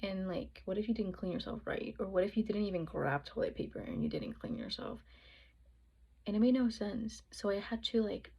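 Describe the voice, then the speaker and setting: A woman's voice: mid-range voice, moderate pace, darkish tone, slightly rough, low-quality recording. A young woman vlogger telling a personal story in a casual, rambling way, with many fillers and acted-out quotes of her own past thoughts. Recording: noticeable background noise.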